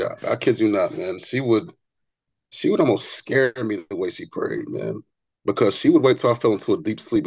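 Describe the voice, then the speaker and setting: A man, a barber and author, telling stories as a podcast guest in an earnest, animated way, often repeating words as he gets going. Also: fairly low pitch, vocal fry, husky, no room sound, rough recording. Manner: repeats words when excited. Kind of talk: conversational interview storytelling.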